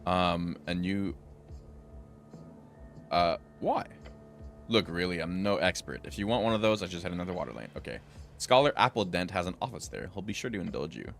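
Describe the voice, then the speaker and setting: A man's voice: deep voice, animated, moderate pace, gravelly, pauses often, soft background music. A man streaming a role-playing video game, reading the dialogue aloud in varied character voices and breaking in with dry remarks of his own.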